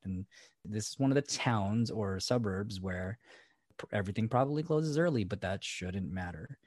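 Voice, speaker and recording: Animated, swearing male podcast co-host. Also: lowish voice, normal speed, no room sound, studio quality. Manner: animated, laughing, swears freely. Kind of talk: casual podcast chat.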